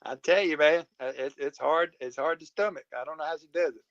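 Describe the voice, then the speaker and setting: Man, middle-aged, halting, polite, dull muffled audio, dry. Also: fairly high pitch, fairly bright tone, no room sound. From Mobile County, Alabama. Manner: halting, many fillers and restarts, polite. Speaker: guest. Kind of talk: casual conversation.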